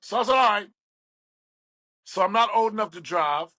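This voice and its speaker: Bright high-voiced man telling stories. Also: quick pace, dry recording, rough recording. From West Virginia. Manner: animated storyteller, acts out quoted voices. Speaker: guest, radio DJ. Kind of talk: storytelling interview.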